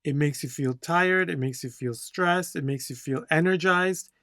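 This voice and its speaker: A man's voice: on the high side, normal speed, sharp tone, no echo, studio quality. A man instructor working through test answers, repeating key words and reading the dialogue lines aloud. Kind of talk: tutorial explanation.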